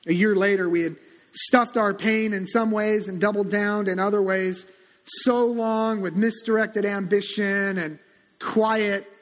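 A middle-aged man preaching a sermon as a pastor, conversational and animated, acting out quotes as he goes. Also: high voice. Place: church sanctuary. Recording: long hall reverb.

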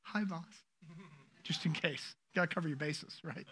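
A man preaching a sermon as pastor, animated and joking with the congregation. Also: a little high, a little slow. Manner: animated, acts out quoted voices, jokes with the congregation.

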